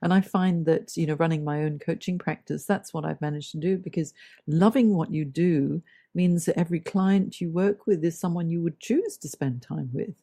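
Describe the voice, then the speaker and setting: A middle-aged woman with an Australian accent, a career coach hosting an interview, warmly affirming her guest. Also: low-pitched, moderate pace. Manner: warm affirming, enthusiastic agreement. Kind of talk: interview conversation.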